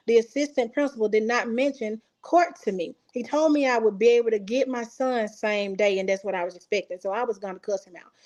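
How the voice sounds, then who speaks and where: A woman's voice: fairly high pitch, a little mellow, muffled recording. A woman, a mother from Texas, telling a personal story in casual speech and acting out the quoted dialogue with feeling. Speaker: interview guest. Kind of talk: casual recounting.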